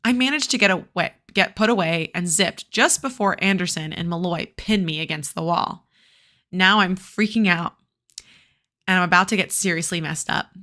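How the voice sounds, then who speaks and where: A woman reads a novel aloud for her students, stopping now and then to comment in a loose, chatty way. Her voice is bright and forward, sitting a little low. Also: normal speed. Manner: casual, chatty asides with fillers and restarts. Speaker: teacher reading a novel aloud.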